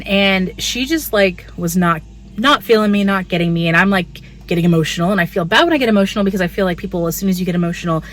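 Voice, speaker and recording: A woman's voice: on the low side, quick pace, faint music behind. A woman, giving a candid, chatty pregnancy update. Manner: chatty and candid, frequent "like" fillers. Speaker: vlogger. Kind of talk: casual pregnancy update vlog.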